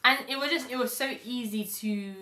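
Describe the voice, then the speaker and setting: A woman's voice: on the high side, brisk, a crowd in the background. A young woman, chatting casually and emphatically, with many filler words. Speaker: co-host. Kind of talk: casual chat. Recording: echoey room.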